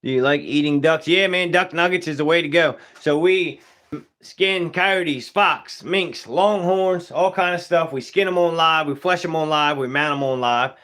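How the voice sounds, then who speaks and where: Man, young adult, slightly high voice, laid-back, casual live stream chat, taxidermist. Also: normal speed, a bit bright. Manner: laid-back, greets viewers by name, Southern-style casual grammar.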